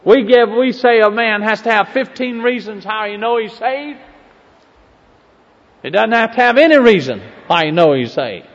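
A man preaching a sermon, swelling into loud emphasis and then dropping soft and low. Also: lively intonation, normal speed. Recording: muffled recording in a large reverberant hall.

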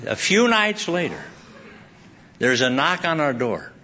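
A man's voice: fairly high pitch, sing-song, a little slow, pauses often, noisy background. A man preaching a sermon, telling a rambling personal story with frequent laughter and restarts. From Southern California. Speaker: pastor. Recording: dull lo-fi sound.

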